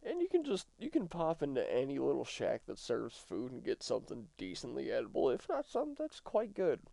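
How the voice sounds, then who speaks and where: A man's voice: medium pitch, huge pitch swings, fairly quick, vocal fry, dark tone, no echo. A man co-hosting a podcast, chatting casually in crude, mocking rants. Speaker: podcast co-host. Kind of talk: casual chat.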